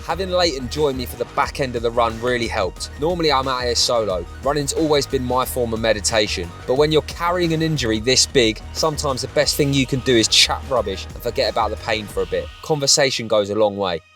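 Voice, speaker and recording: A man's voice: medium pitch, brisk, few pauses, a bit bright, soft background music. A young Englishman in a laid-back, slangy vlog chat, reviewing gear and narrating his run. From England. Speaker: host, endurance runner. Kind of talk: casual vlog talk and narration.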